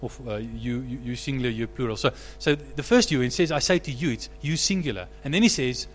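A man preaching a sermon as pastor, animated, rising to loud emphatic peaks. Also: medium pitch, a little fast, long reverb tail, a little hiss or hum.

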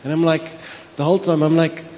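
A pastor with a South African accent, preaching a sermon, telling stories with animation, slipping into Afrikaans and laughing often. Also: male voice, fairly high pitch, level tone, a little fast, a little mellow. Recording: long hall reverb with faint ambience.

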